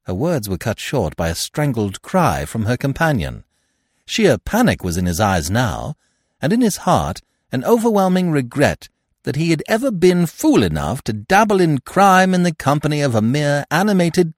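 A man narrating a classic comic novel in an expressive, animated storytelling manner. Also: medium pitch, normal speed, no echo, studio quality. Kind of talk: audiobook narration.

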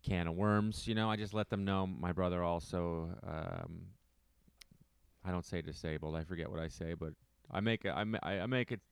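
A man's voice: deep voice, normal speed, vocal fry, clear, resonant tone, no echo. A man chatting casually on a podcast, self-deprecating and emphatic, often repeating his points. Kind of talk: casual chat.

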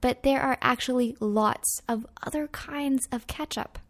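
Faint music plays under a woman's high-pitched, measured voice as she co-hosts a food history podcast. She reads the script upbeat, swapping facts back and forth with her partner.

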